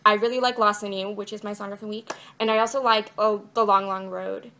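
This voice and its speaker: A young woman in a casual video diary talks straight to her camera. She rambles from one thing to the next and leans on fillers like "like" and "um", at an ordinary middle pitch. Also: fairly even intonation, fairly quick, sharp tone. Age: young adult. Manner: rambling and chatty, many fillers like "like" and "um". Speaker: vlogger. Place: indoors, outside her bedroom.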